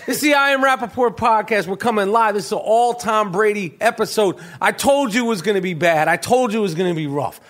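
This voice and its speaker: A man's voice: high voice, fast, few pauses, fairly bright tone. A man hosting a podcast, ranting with heavy swearing and stammering restarts. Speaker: podcast host. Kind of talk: profane comedic rant.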